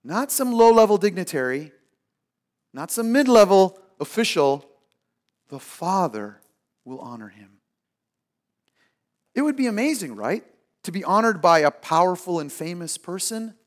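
A man preaching a sermon and telling a personal story, moving from loud emphasis to hushed asides and acting out the people in it. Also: high voice, lively intonation, moderate pace. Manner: acts out the people in his stories. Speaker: pastor.

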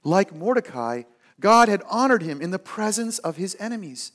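A man preaching a sermon and telling a personal story, moving from loud emphasis to hushed asides and acting out the people in it. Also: high voice, very animated, moderate pace. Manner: acts out the people in his stories. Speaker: pastor.

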